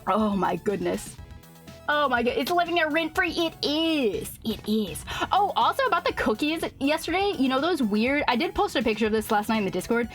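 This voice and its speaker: A woman streamer chatting casually on a live stream, excitable and laughing often. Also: high-pitched, moderate pace, faint music behind.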